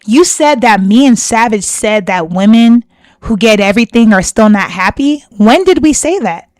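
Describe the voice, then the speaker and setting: A fairly high-pitched woman hosts a reaction video, confronting someone with indignant, heated commentary. She hammers her points home by repeating them. Her voice sounds dry and close to the mic. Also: lively intonation, moderate pace, a little mellow, dry recording. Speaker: reaction channel host.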